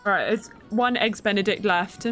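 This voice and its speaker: A woman's voice: mid-range voice, a little slow, fairly bright tone. A young woman streaming a game, chatting casually, reacting to the game and thanking viewers by name. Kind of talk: casual live-stream chat while playing. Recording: faint music behind.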